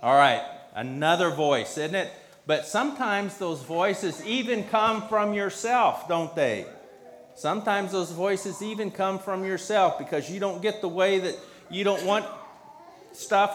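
A man's voice: high-pitched, a bit bright. A man giving a children's sermon, patiently asking the kids simple questions. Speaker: pastor leading a children's message.

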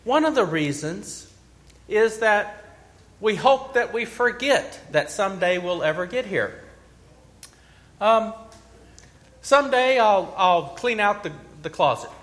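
A man's voice: sits high, expressive, takes it slowly, pauses often, fairly bright tone. A man preaching a sermon as pastor, telling a story with rising emphasis and small restarts.

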